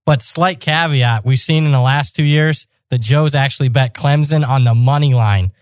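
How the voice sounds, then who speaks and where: A man on a sports betting panel who answers questions plainly and is quick with figures and stats. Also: medium pitch, no room sound, studio quality. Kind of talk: sports betting roundtable chat.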